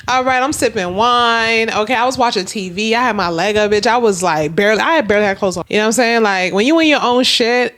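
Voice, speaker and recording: A young woman, telling a story casually and animatedly, swearing and acting out quoted lines. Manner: animated, swearing, acts out quoted dialogue with big pitch jumps. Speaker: storytime vlogger.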